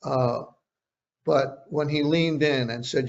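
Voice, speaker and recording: A man's voice: mid-range voice, steady tone, measured pace, vocal fry. An older man, a veteran journalist, recounting a story in a casual interview, often restarting his phrases. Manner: conversational, repeats words when restarting. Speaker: retired journalist guest. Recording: dull lo-fi sound.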